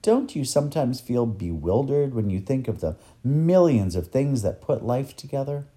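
A man voicing a curious, wistful young girl in a storybook reading, asking soft, wondering questions. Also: mid-range voice, big pitch swings, moderate pace, voice pushed up, lightly acted.

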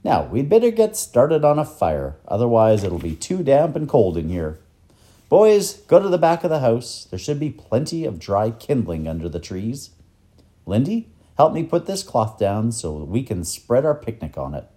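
A man voicing a kindly, learned old professor who explains things gently in a storybook reading. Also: mid-range voice, huge pitch swings, normal speed. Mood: cheerful. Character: kindly older male professor, warm and learned.

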